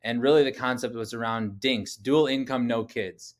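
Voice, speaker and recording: A man in his thirties, a podcast guest, telling personal stories in a casual interview. He talks in an animated way, often says "like", and acts out quoted dialogue. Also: medium pitch, moderate pace.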